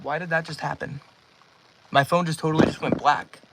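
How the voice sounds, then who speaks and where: A man's voice: a little high, little pitch movement, brisk, fairly bright tone. A nineteen-year-old man livestreaming from his bedroom, rambling casually and thanking viewers by name as he reads out chat.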